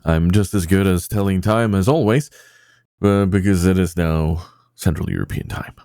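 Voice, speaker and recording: A man's voice: low voice, steady tone, moderate pace, warm tone, no echo, studio quality. A man hosting a casual podcast, rambling with many fillers and poking fun at himself. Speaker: podcast host.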